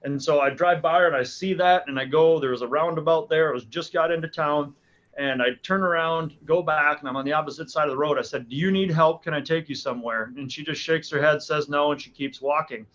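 A middle-aged man, a podcast guest, telling a story in a lively, animated way with quick restarts. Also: on the high side, lo-fi sound. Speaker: guest, hunting guide and speaker. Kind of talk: casual storytelling.

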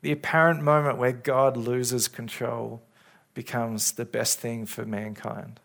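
A man preaching in a church, speaking as a pastor in an earnest, caring way with halting restarts, into a stage microphone. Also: mid-range voice, little pitch movement, gravelly, fairly bright tone. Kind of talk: sermon. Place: church service. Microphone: handheld or stage microphone.

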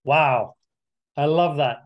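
A man hosting a podcast interview, talking in an expressive, animated way and sometimes acting out his inner voice. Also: fairly high pitch, slow, lo-fi sound. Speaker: podcast host. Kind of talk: conversational interview.

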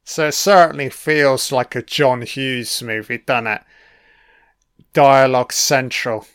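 A man's voice: mid-range voice, steady tone, slow pace, a bit bright, clear, resonant tone, no room sound, clean studio sound. A man doing a casual, crude solo commentary on a film, swearing freely and tossing asides to the listener.

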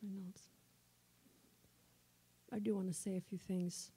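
A woman preaching a sermon, passionate at times and soft in her asides. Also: medium pitch, little pitch movement, measured pace, breathy edge. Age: older. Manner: impassioned, swings from shouting to soft asides.

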